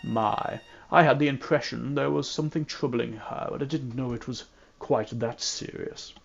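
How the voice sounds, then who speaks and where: A man reading a calm voodoo practitioner with a put-on Irish accent, in a quiet, low, measured voice. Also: gravelly, lo-fi sound, soft background music. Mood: reassuring. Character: calm middle-aged male voodoo practitioner. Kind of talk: reading game dialogue aloud.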